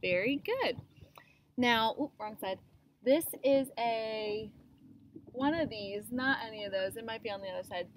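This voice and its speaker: A woman teaching young children the beginning sounds of words, slowly sounding out each letter and praising them. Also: fairly high pitch, slight background noise, low-quality recording. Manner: slow, encouraging, sounds out letters. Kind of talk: phonics lesson for young children.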